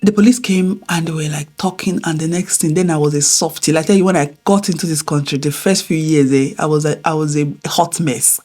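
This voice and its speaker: Woman vlogger, middle-aged, low husky voice, chatty storyteller who swings from loud to hushed. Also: fairly quick, hardly any pauses. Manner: animated, swings between loud exclamations and hushed near-whispers. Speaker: vlogger telling a family story. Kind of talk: casual storytelling to camera.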